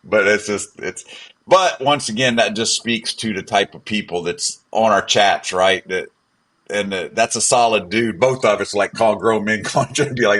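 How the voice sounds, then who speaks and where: A man's voice: lowish voice, normal speed. A man telling a story in casual chat, swearing constantly and acting out what people said. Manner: profane, animated retelling with quoted dialogue.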